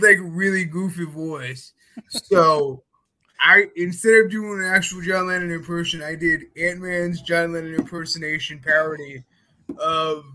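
A man's voice: on the high side, pushed and bright, rough recording. A man chatting casually, telling rambling stories full of fillers. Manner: loose, rambling storytelling with many fillers. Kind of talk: casual podcast chat.

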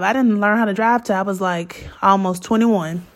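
A woman's voice: on the high side, brisk. Candid slangy woman storytelling. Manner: candid, slangy, animated in quoted dialogue. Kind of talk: casual storytelling monologue.

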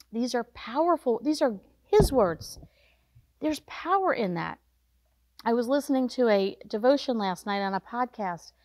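Woman host, devotional talk, earnest and exhorting, slightly high voice, dry close sound. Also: a little mellow, dry recording. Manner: earnest, exhorting, with repeated short commands.

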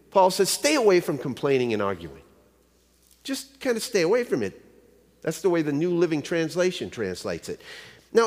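A pastor preaching with a fairly high, lively voice that rises and falls a lot. He keeps checking in with the congregation through rhetorical questions. The sound carries a long hall reverb. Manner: tells a joke story within the teaching. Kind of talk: sermon.

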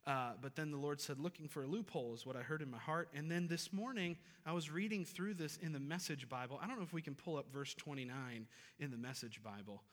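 A man's voice: on the high side, fast talker, few pauses. A man in his thirties preaching a sermon as pastor in a church, earnest and emphatic, repeating key phrases. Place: church sanctuary. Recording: reverberant hall.

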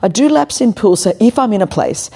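Australian woman, 50s, mellow warm voice, playful guest with easy laughs. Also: medium pitch, sing-song, fairly quick, gravelly, breathy edge. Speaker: podcast guest. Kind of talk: casual chat.

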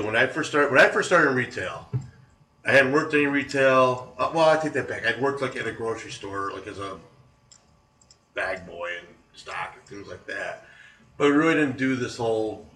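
A man's voice: medium pitch, pushed and bright. A man in his forties hosting a talk show, telling stories in a loose, rambling way with chuckles. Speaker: podcast host. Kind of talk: casual storytelling chat. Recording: echoey room, far from mic.

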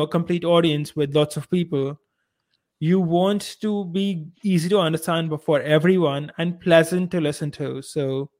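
A podcast co-host from India speaks in a somewhat raised male pitch. His Indian English accent is tinged with an American lilt. He explains his views patiently, building each point in turn. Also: darkish tone. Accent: Indian English, moving toward American. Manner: explanatory, reasoning things out step by step. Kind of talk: casual podcast conversation.

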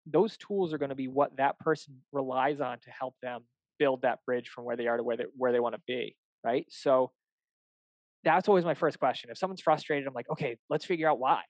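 A man's voice: medium pitch, a little fast, dry recording, low-quality recording. A young adult man, a fitness coach, chatting casually and animatedly, acting out little dialogues with clients and swearing now and then. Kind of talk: casual podcast chat.

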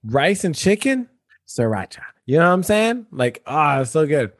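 A man's voice: fairly high pitch, big pitch swings, normal speed. Laid-back slangy young man. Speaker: podcast co-host. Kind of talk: casual chat.

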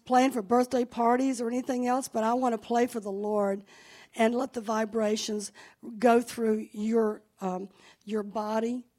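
A woman's voice: fairly high pitch, level tone, measured pace. A woman pastor telling a healing testimony to a church congregation. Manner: warm storytelling, quoting others, enthusiastic.

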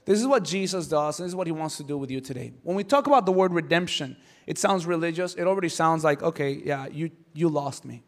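Animated high-voiced male pastor. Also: fast talker, few pauses. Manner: animated, humorous asides, acting out dialogue. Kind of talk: conversational sermon.

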